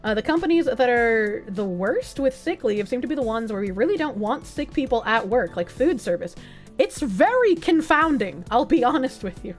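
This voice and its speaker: A young woman with a high voice rambles through a livestream, reading donations and chat aloud. She is animated and swears freely. Soft music plays quietly behind her. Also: moderate pace. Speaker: streamer. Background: faint music.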